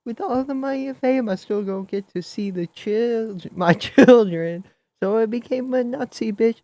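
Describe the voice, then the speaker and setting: A man's voice: very high voice, moderate pace, gravelly, darkish tone, lo-fi sound, voice pushed up. A man doing a whiny impression of a self-pitying male celebrity rapper, drawing out his words.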